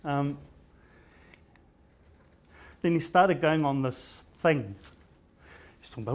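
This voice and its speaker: Chatty New Zealand doctor telling stories. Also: male voice, on the high side, moderate pace, long pauses. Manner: chatty storyteller with many restarts and stammers; mixes in Māori words. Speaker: general practitioner giving a seminar talk. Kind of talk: informal conference presentation.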